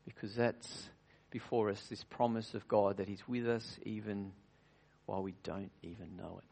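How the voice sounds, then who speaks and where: A man serving as pastor, preaching earnestly at communion, asking rhetorical questions and sinking to quiet, intimate tones. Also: on the low side, steady tone, normal speed, creaky. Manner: earnest, varies loudness widely, drops to near-whisper at times; frequent restarts and rhetorical questions. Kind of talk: communion sermon.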